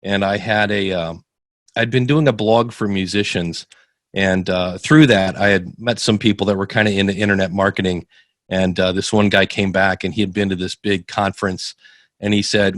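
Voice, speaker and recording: A man from Ohio being interviewed as a guest, telling stories with animated, acted-out quotes and frequent restarts. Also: sits low, normal speed, dry recording, studio quality. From Ohio, USA. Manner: animated, acts out quoted dialogue, many restarts. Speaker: podcast consultant guest. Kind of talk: casual interview storytelling.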